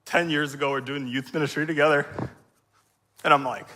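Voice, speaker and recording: A man in his thirties giving an emotional sermon testimony from a church stage on a stage mic, crying as he speaks, halting and clearing his throat often. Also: fairly high pitch, fairly even intonation, pushed and bright.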